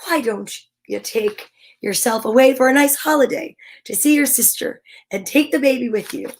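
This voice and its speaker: A woman's voice: high voice, normal speed. A woman voicing a big, clumsy male giant in a storybook, boasting and sweet-talking. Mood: boastful.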